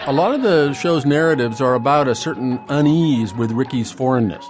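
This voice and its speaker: An American man narrating a documentary in a measured, reflective tone. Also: medium pitch, animated. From United States. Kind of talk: scripted narration. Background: music.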